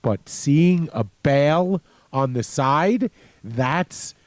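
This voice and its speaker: A man co-hosting a casual podcast chat, chiming in with jokes and quick interjections. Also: on the high side, expressive, darkish tone, no room sound. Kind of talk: casual conversation.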